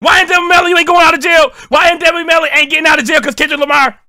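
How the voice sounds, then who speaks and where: A man hosting a music reaction, talking loudly and excitably, swearing and breaking into shouts. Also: very high voice, racing.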